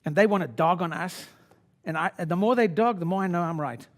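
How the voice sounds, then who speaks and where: A brash older man in his sixties works a seminar room, his voice sitting high for a man. He swings between muttered low asides and loud, pitched-up rallying. A speaker in a conference room before an audience. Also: brisk. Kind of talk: motivational seminar talk.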